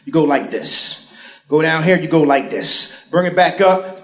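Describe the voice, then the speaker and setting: A man doing live stand-up comedy, profane and animated, acting out other people's voices. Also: on the high side, unhurried. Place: comedy stage before a laughing audience. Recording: roomy live venue with crowd laughter.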